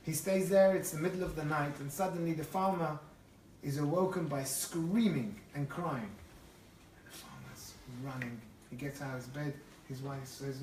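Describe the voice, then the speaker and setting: Animated man teaching in an echoey room. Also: on the high side, moderate pace. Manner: animated, often restarts phrases. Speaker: Torah teacher. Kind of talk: lively storytelling lecture. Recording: echoey room, far from the mic, faint noise.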